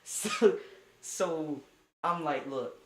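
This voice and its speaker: A young man telling a casual storytime tale in a lively, slangy way, laughing as he goes. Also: a little high, a little slow.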